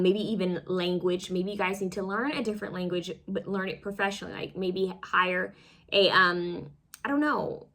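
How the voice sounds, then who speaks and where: Woman doing a tarot reading, bright clear tone, lots of um and you know, kinda rambly. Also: medium pitch. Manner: rambling, full of fillers and restarts; self-conscious, fumbles over words. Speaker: tarot card reader. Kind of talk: casual pick-a-card reading.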